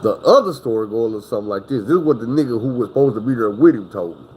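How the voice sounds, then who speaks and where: A man tells a story to the camera in a loose, rambling way, cursing freely and breaking into the voices of the people he quotes. His voice sits at an ordinary pitch. Faint noise hangs behind him. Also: expressive, racing, a little mellow, low-quality recording. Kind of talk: casual spoken storytelling.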